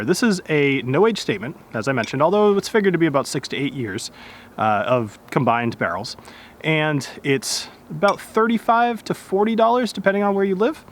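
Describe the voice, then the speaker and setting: A man casually reviewing a whiskey outdoors, chatty and correcting himself as he goes. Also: a little high. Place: outdoors in nature.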